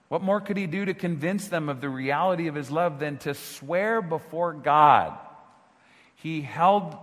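A man preaching a sermon as pastor, earnest and full of rhetorical questions, moving from hushed tones to near-shouting. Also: on the high side. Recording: long hall reverb.

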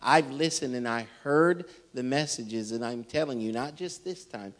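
Squeaky-voiced pastor saying amen often. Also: male voice, normal speed. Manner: peppers talk with amen and hallelujah. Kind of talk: sermon. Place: church sanctuary.

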